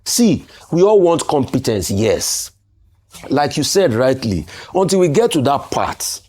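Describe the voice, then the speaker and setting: A man's voice: medium pitch, big pitch swings, a little slow, a little mellow. A man with a Nigerian accent, arguing emphatically as a political commentator on a studio talk show. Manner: emphatic, argumentative, rhetorical questions.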